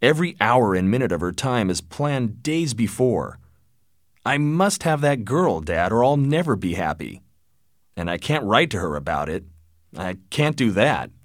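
A man's voice: lowish voice, very animated, a little slow, no echo. A man voicing an earnest young man pleading with his father, in a dry-sounding storybook reading. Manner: earnest, plaintive.

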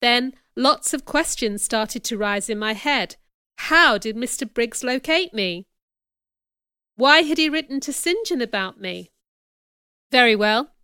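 A woman reading a first-person audiobook chapter as narrator, in clear, measured storytelling. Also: a little high, animated, sharp tone, no room sound, clean studio sound.

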